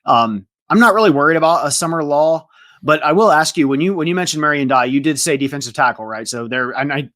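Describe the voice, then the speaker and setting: A man's voice: fairly high pitch, fast, sharp tone. A man co-hosting a casual sports podcast, thinking aloud and hesitant. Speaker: podcast co-host.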